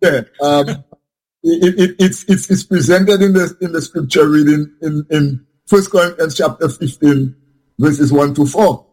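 A man with a slightly high, husky voice talks through a scripture point in a Bible study discussion. He stumbles, repeats words and circles back as he searches for the right phrasing. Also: a little slow, darkish tone.

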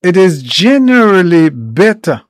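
A man explaining herbal remedies in an informal talk, unhurried and step by step, with many pauses. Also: high voice, very animated, no room sound. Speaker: herbal educator.

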